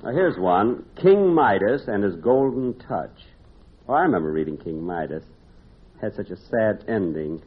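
Deadpan man on an old radio comedy. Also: on the low side, measured pace. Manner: deadpan comic timing, wry asides. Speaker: comedy show host and narrator. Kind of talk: 1950s radio comedy narration and sketch. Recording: tinny noisy old radio broadcast.

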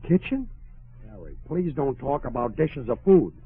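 A man's voice: medium pitch, sing-song, normal speed, breathy edge. A man with a dry, put-upon, complaining manner, acting in a 1940s radio comedy. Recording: tinny old radio broadcast.

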